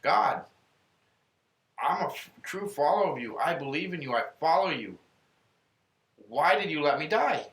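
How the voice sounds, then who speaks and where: A man's voice: a little high, lively intonation, moderate pace, long pauses, fairly bright tone, roomy sound, voice pushed up. A man doing a stubborn old man. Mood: pleading.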